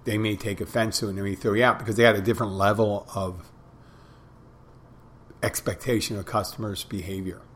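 A man working as a bartender who tells stories about customers in a plain, halting way. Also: fairly low pitch, little pitch movement, a bit bright. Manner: plain-spoken, halting with restarts and fillers. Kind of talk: casual storytelling monologue.

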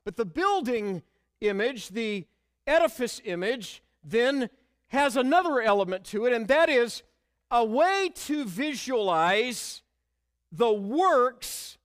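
Man preaching, very high voice, dry close sound, earnest and emphatic. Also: sing-song, slow pace, clear, resonant tone, dry recording. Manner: earnest, emphatic, quotes scripture and hymns. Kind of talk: expository sermon.

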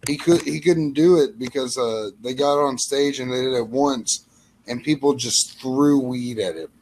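A man trading deadpan, offbeat jokes in a casual comedic chat as a podcast co-host. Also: mid-range voice, unhurried, slight background noise, rough recording.

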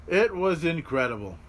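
A fairly high-voiced man hosts a podcast and talks over a replay as he watches it. His delivery is animated and loose. He swears freely and breaks into yells when the action peaks. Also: slight background noise. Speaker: podcast host. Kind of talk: excited watch-along commentary. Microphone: podcast mic.

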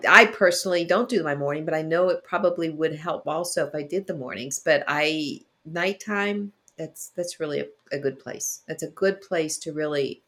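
A woman guest telling lively stories in casual chat, laughing often. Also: deep voice. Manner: animated storyteller, laughs often.

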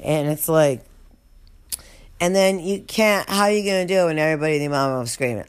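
A storyteller recounting a comic memory, profane and rambling, with drawn-out asides. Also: mid-range voice, clean tone.

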